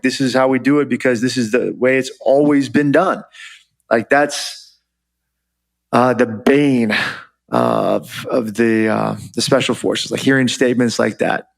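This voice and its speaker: A man's voice: medium pitch, creaky. Chatty middle-aged man telling stories. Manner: loose and chatty, many "you know" and "like" fillers. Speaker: podcast guest, former Army officer. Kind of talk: casual interview storytelling.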